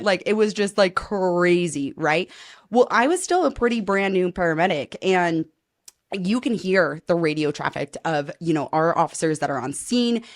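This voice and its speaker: Telling a story in a relaxed interview conversation, this woman podcast host has a fairly low-pitched voice. She's animated, acts out quoted dialogue, and swears every so often.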